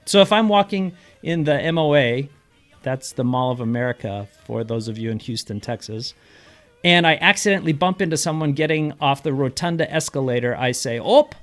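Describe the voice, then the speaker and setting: A man's voice: mid-range voice, animated, fairly quick, a bit bright, soft background music. A middle-aged man with a Minnesotan accent, a real estate agent explaining local phrases in a casual, playful way and acting them out in a sing-song voice.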